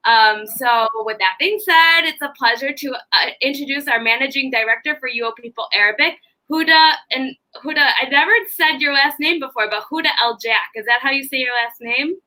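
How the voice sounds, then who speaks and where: A woman's voice: high voice, normal speed, few pauses, sharp tone, poor audio. A woman with a Chicago accent hosting a live online interview, upbeat and chatty with plenty of filler words. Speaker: interviewer and host.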